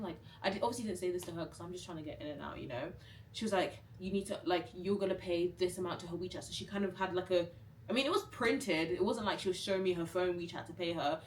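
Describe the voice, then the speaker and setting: A woman's voice: on the low side, fast talker, recorded from a distance, a little hiss or hum. A young woman vlogger telling a storytime in a chatty, dramatic way, acting out what people said. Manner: chatty and dramatic, acts out quotes. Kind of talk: storytime vlog. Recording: roomy, a bit off-mic.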